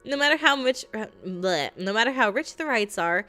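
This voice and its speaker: American woman streamer, jokey and animated, reads game narration, a little high, soft music behind. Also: moderate pace. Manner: animated, laughs often, jokey. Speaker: streamer reading a visual novel. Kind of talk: reading game narration aloud and chatting.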